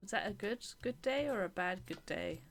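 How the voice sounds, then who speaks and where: A woman's voice: medium pitch, lively intonation, normal speed, creaky, soft background music. A young woman streamer chatting casually over a story game, laughing and making self-deprecating asides.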